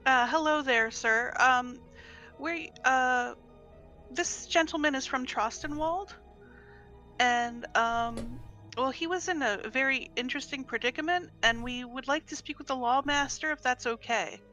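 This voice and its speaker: A woman player speaks in character in a tabletop game. Her voice is fairly high and bright, and she talks slowly and politely with some hesitation. Faint music plays behind.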